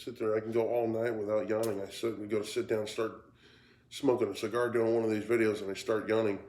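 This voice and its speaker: A man talking casually in a cigar review vlog, tired and yawning, with a halting way of speaking that repeats words. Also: lowish voice, flat delivery, a little mellow. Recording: roomy echo.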